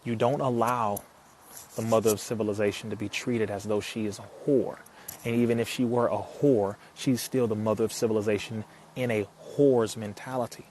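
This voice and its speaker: A man giving an impassioned talk to an audience, preacherly and forceful, firing rhetorical questions and rising to emphatic peaks. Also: lowish voice, steady tone, moderate pace, slight background noise. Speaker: speaker addressing an audience.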